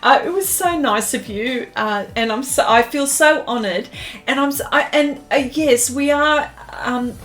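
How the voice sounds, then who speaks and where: A woman's voice: high voice, unhurried, a bit bright, soft background music. An Australian woman hosting an art live stream in bubbly, casual chat, full of fillers and giggly greetings.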